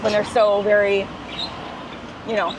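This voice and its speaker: A woman's voice: mid-range voice, monotone, a little slow. A woman chatting casually and laughing often while walking outdoors, filming a travel vlog. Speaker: travel vlogger. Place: outdoors on a busy street. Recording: street and traffic noise.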